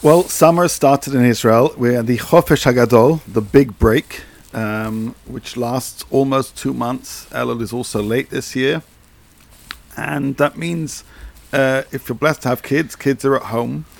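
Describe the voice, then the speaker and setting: A man, co-hosting a casual podcast chat and explaining things in a measured way. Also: medium pitch, fairly even intonation, gravelly. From Britain. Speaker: podcast co-host.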